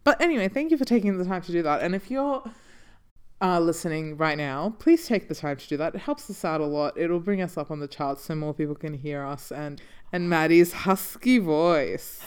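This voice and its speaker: Loud, laughing woman podcast co-host. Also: lowish voice, lively intonation, normal speed, smooth. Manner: loud, laughs often, chatty. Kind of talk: casual chat.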